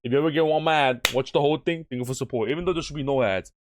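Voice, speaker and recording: A man hosting a casual reaction video, excitable and slangy, firing off quick exclamations. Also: fairly high pitch, background noise.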